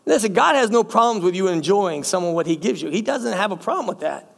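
A man's voice: high-pitched, expressive, fast talker, vocal fry. A middle-aged male pastor preaching a sermon, calling the congregation "church" and repeating phrases for emphasis. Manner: speaks directly to the congregation as church.

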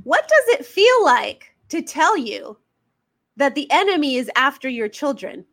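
A woman's voice: high voice, sing-song, unhurried, fairly bright tone. A woman business coach giving an emphatic, preaching-style motivational talk full of fiery rhetorical questions. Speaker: faith-based business coach.

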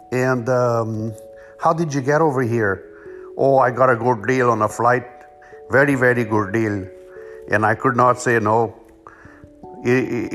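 A man's voice: medium pitch, fairly bright tone. A man voicing a cheerful newspaper reporter, who rambles happily. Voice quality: chatty, rambling, pleased with himself.

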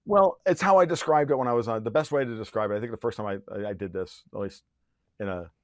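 A man's voice: on the low side, no room sound, studio quality. A man speaking as a podcast guest in a heated, profane rant, full of restarts and sarcastic jabs. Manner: profane, rapid restarts and filler-heavy; sarcastic and mocking. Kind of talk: heated conversational ranting.

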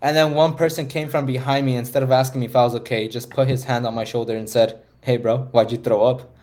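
Young male podcast host, mid-pitched, a rambling storyteller who keeps breaking into laughs, speaking on a call mic. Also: little pitch movement, quick pace, a little mellow. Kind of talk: casual chat. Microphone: voice call microphone.

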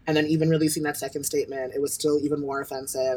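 Husky-voiced man ranting bluntly. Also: fairly high pitch, level tone, rapid-fire, a little mellow. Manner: blunt, heated, swears freely. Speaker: podcast co-host. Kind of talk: casual chat.

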